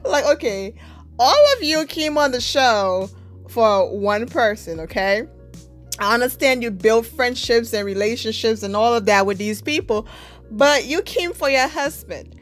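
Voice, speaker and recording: A woman giving a live reaction to a TV show, animated and slangy, laughing often. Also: fairly high pitch, unhurried, soft background music. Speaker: TV show reviewer.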